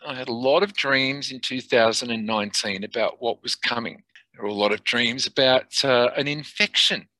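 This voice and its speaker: A middle-aged man telling a personal spiritual testimony in an earnest, halting way, sometimes dropping to near whispers. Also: medium pitch, pushed and bright, no room sound, rough recording. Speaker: testimony speaker.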